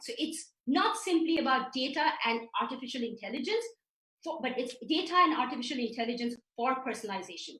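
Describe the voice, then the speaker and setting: A woman's voice: high voice, a bit bright, distant mic. A woman giving an emphatic business presentation over a video call, walking through her slides. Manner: emphatic, with some restarts. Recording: roomy, from off the mic.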